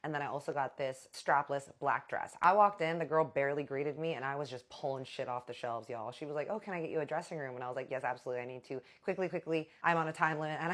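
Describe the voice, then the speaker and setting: Young woman rattling off a storytime real fast, deep low voice, chatty, keeps saying y'all. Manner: chatty, animated, addresses viewers as y'all. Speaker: storytime vlogger. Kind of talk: casual storytime chat.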